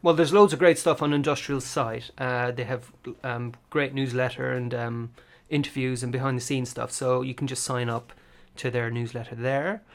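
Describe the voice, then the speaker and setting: A man's voice: mid-range voice, steady tone, moderate pace, few pauses. Brief: male podcast co-host, mid-range voice, rambling casual delivery with lots of hesitations. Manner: chatty, many ums and restarts. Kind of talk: casual chat.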